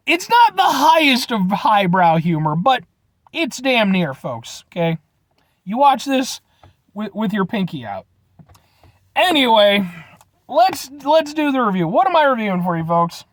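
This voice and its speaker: High-voiced, animated man reviewing food. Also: a little slow, no echo. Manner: animated, playful, keeps addressing viewers as folks. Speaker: food reviewer, vlog host. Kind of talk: casual food review vlog. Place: inside a parked truck.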